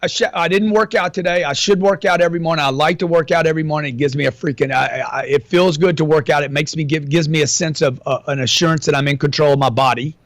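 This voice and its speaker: A man's voice: a little high, fairly even intonation, fast, few pauses, fairly bright tone, no room sound. A middle-aged man as an interview guest, talking in a brash, slangy, profane way and calling everyone man and dude. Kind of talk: casual interview talk.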